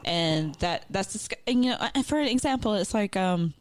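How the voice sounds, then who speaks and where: A woman's voice: mid-range voice, lively intonation, normal speed. A woman co-hosting a podcast, rambling through casual chat with many fillers. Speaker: podcast co-host.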